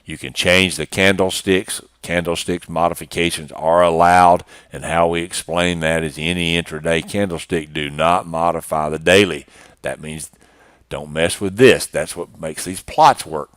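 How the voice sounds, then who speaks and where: A man's voice: deep voice, fairly even intonation, moderate pace, a bit bright, dry recording, studio quality. A man teaching day-trading chart setups in a plainspoken, matter-of-fact screen-share walkthrough, often restarting phrases. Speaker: trading instructor.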